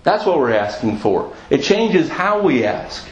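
A man's voice: a little high, sing-song, measured pace. Man preaching in an echoey room. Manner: earnest preaching, repeats phrases for emphasis. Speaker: pastor. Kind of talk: sermon. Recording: echoey, dull lo-fi church recording.

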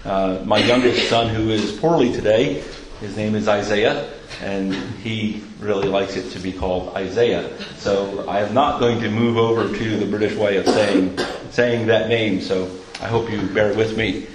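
A middle-aged American man preaching a sermon as a pastor, unhurried and conversational with frequent filler sounds. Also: lowish voice, steady tone, reverberant, background noise.

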